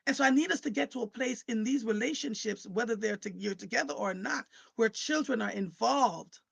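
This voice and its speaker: A woman hosting a live online talk show, chatting with viewers and guests in an animated, conversational way and often repeating words as she starts a thought. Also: fairly high pitch, fairly quick, creaky, slightly rough. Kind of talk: casual livestream talk.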